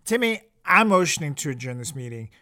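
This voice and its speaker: A man hosting a comedy podcast, ranting in loud exasperation. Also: on the high side, big pitch swings, brisk. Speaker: podcast host.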